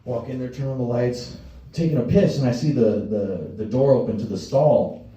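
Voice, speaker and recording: On a comedy stage in front of a live crowd, a young man delivers a stand-up set in a mellow, medium-pitched voice at a moderate pace. His stories are crude and profane, and he imitates the voices of their characters. The audio has a distant, roomy live quality.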